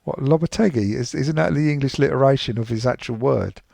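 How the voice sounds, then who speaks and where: A man's voice: medium pitch, a little fast, vocal fry, warm tone, no room sound. A man co-hosting a podcast from home, chatting casually with a dry, teasing wit. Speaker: podcast co-host. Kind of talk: casual chat.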